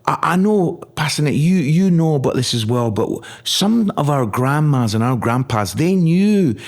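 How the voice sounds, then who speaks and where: A man's voice: on the high side, big pitch swings, normal speed, a little mellow. A middle-aged man from Scotland, an evangelist guest telling his story earnestly and with feeling, often repeating words as he is moved. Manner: earnest, emotional, repeats words when stirred. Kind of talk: storytelling in a podcast interview.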